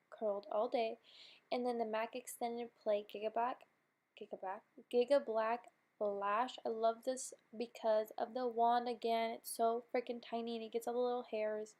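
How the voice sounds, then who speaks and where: A woman's voice: on the high side, dark tone. A young woman talking through a makeup tutorial in a chatty, bubbly way, sounding slightly nasal from a cold. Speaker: beauty vlogger. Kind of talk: casual makeup tutorial voice-over.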